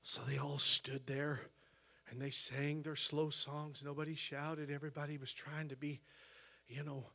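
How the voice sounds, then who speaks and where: A man preaching a sermon as pastor, with an American accent, telling a story quietly and then rising to loud, shouted preaching in a church. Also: on the high side, level tone, unhurried, gravelly. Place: church sanctuary.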